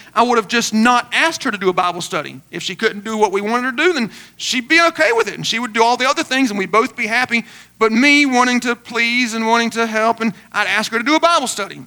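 A pastor preaching in a voice that sits very high and sounds bright and forceful. He talks earnestly and conversationally, doubling up words as he goes. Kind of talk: sermon.

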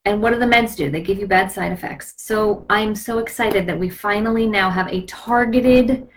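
A woman's voice: medium pitch, normal speed. A woman with a mid-range voice hosting a casual live video stream. She talks in a gushing, impassioned way and sometimes slides into a preachy tone. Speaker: host of a live product video.

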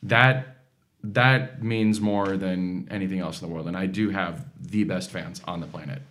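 A young man, a singer, talking as an interview guest and telling lively stories. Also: low voice, measured pace. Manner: enthusiastic storyteller, animated. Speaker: singer, talent show contestant.

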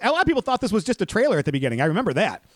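A man's voice: sits high, huge pitch swings, very fast, dry recording. A man hosting a podcast who recaps a movie plot and chats animatedly, laughing easily. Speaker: podcast host. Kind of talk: movie recap and casual chat.

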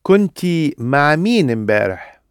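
Man, Egyptian Arabic accent, rapid lively delivery, dry close sound, clean model phrases. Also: medium pitch, smooth, dry recording. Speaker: native-speaker model in a language class.

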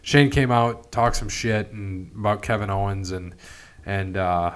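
A man's voice: lowish voice, fairly even intonation, measured pace, smooth. A man hosting a casual chat, rambling through a recap with lots of fillers and restarts. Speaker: podcast host.

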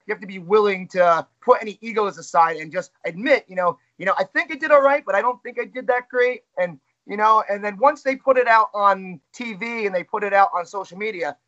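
A man, a ring announcer, chats through an interview with candid, self-critical honesty. His voice sits high and sounds bright and forward. The audio is muffled and lo-fi. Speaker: wrestling ring announcer and commentator, guest. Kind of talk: casual interview chat.

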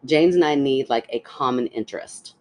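A woman's voice: a bass voice, normal speed. A woman, a podcast co-host telling a story in casual chat and laughing as she talks. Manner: animated storyteller, laughs while talking.

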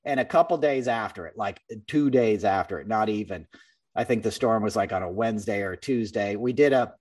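A man hosting a podcast, talking bluntly and with energy and slipping into quick mimicry of the people he describes. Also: on the low side, distant mic. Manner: blunt, animated, mimics people he talks about. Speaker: podcast host. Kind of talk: casual political chat and storytelling.

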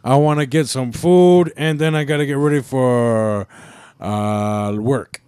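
A man's voice: medium pitch, unhurried, a little mellow, smooth, no room sound, studio quality. A man co-hosting a podcast, bantering crudely, swearing and laughing as he acts out mock quotes. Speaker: podcast co-host.

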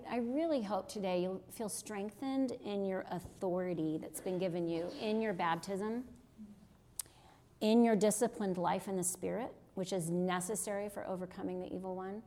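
A woman's voice: mid-range voice, warm tone. A middle-aged woman giving an earnest, conversational sermon-style teaching, often checking in with her listeners. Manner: earnest, conversational, with frequent rhetorical "right?". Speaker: teacher on deliverance ministry.

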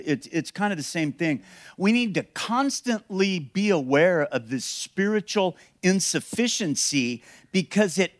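Pastor guy preaching, earnest and emphatic, kinda higher voice, dry sound. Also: no echo. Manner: earnest, emphatic preaching with repeated phrases and restarts. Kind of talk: sermon.

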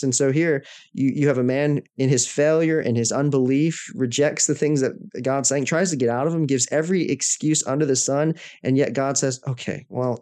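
Male co-host, mid-pitched, earnest and explanatory, casual scripture discussion. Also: a little mellow. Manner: earnest, explains scripture step by step with brief restarts. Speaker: podcast co-host.

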